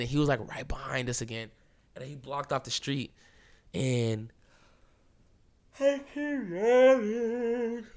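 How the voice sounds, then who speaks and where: A young man hosting a podcast, telling a story in a casual, animated way and filling it with "bro" and "like.". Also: mid-range voice. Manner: animated, keeps saying "bro" and "like"; acts out quoted lines, drops to a hushed voice at times. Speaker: podcast host.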